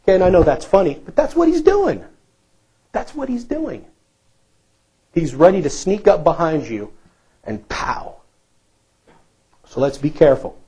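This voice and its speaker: Emphatic preaching pastor, higher-voiced man. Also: sing-song, normal speed, pauses often, dark tone, slightly rough, poor audio. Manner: emphatic preaching with repeated phrases and rhetorical questions to the congregation. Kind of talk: sermon. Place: church.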